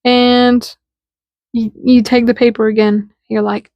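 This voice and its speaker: A woman's voice: on the high side, level tone, slow pace, a little mellow, no room sound, studio quality. A woman giving a casual spiritual talk, chatty and slangy, acting out little dialogues as she explains. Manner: chatty and informal, acts out little dialogues in quotes; slangy, with lots of "like" fillers. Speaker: spiritual content creator.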